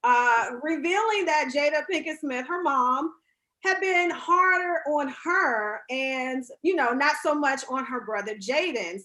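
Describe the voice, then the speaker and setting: A woman's voice: high voice, pushed and bright. A woman hosting a casual interview over a video call, upbeat and laughing often. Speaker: radio show host.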